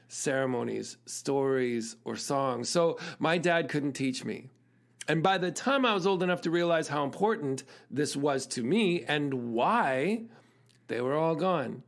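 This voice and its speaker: A middle-aged man, a musician hosting his own show, telling a story in an earnest, reflective way, often laughing and restarting his sentences. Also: on the high side. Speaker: musician and podcast host.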